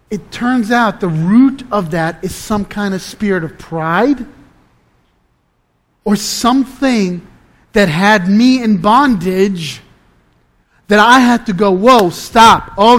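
A man preaching a sermon, deliberate and emphatic, dropping to a low, intense hush at times.

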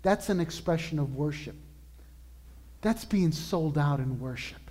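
High-voiced preacher man in a reverberant hall. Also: lively intonation, darkish tone. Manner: earnest, emphatic preaching with slow drawn-out lists. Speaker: pastor. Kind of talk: sermon.

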